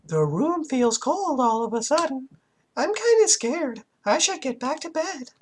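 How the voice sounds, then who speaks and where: A man voicing a timid young girl haunted by her family's secrets, in a squeaky falsetto as he reads game text aloud. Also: sing-song, a little slow, slight background noise, heavily acted. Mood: scared.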